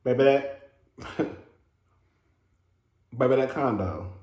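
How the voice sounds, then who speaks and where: A man's voice: medium pitch, slow pace, a little mellow, echoey room. A man, hosting a casual review vlog in a sassy, chatty way, calling listeners "girl" and laughing often. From Texas. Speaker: reality TV reviewer, host.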